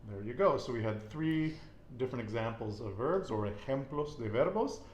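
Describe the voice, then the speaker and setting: In an echoey room with faint background noise, a man gives a Spanish lesson in an animated mid-range voice at a moderate pace. He patiently quizzes a student, repeating her answers back to her with encouragement.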